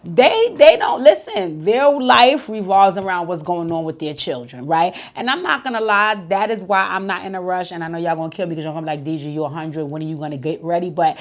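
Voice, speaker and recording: Chatty low-voiced woman reviewing reality TV. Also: expressive, brisk, hardly any pauses. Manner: candid, chatty, swears freely. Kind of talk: casual recap commentary.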